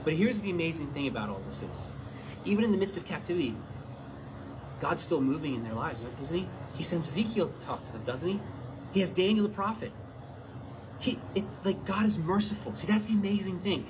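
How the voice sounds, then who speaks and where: A man preaching a sermon in an animated way, often asking his listeners questions. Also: on the high side, fairly quick, noisy background. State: out of breath.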